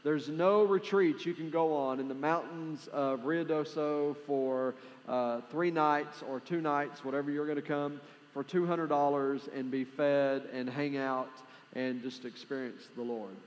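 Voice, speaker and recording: A man's voice: on the high side, steady tone, unhurried, muffled recording. A man with a West Texan accent, preaching a sermon as pastor with prayer and announcements, in an earnest, conversational way with plenty of fillers. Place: large church sanctuary. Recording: long hall reverb with faint music.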